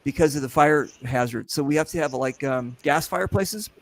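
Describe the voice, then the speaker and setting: A man's voice: on the high side, fairly quick, dry recording. A man hosting a casual live chat, telling long rambling stories with plenty of profanity. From California. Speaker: host.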